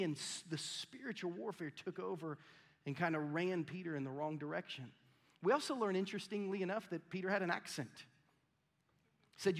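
A man preaching a sermon in a conversational style, often acting out the voices of the people in his story. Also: high-pitched. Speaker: pastor. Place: church auditorium. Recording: long church hall reverb.

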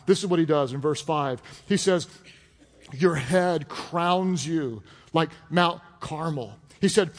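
Animated pastor in a reverberant hall. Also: male voice, high-pitched. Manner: animated, joking and conversational. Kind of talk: sermon. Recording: long reverb of a large hall.

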